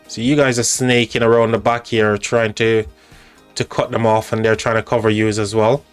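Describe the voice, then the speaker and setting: A man's voice: on the low side, level tone, clear, resonant tone, soft background music. Chatty English-accented man streaming. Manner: chatty, halting, with frequent restarts. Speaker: live stream host. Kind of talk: casual live-stream commentary.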